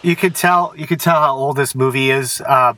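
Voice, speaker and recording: Brief: male podcast co-host, bright tense tone, set back from the mic. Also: medium pitch, moderate pace, far from the mic. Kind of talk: casual film discussion.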